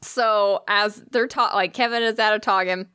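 A woman's voice: mid-range voice, steady tone, moderate pace, bright, forceful tone, clean tone, no room sound. A woman casually telling a funny story on a podcast, full of "like" and "bro", swearing freely and laughing along. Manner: profane, laid-back, heavy use of "like" and "bro"; laughs through her own story. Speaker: podcast co-host.

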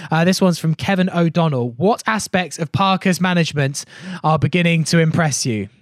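A man's voice: a little high, moderate pace, dry recording, clean studio sound. A man hosting a podcast, breezily reading out listener questions with jokey asides. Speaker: podcast host. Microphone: online podcast call.

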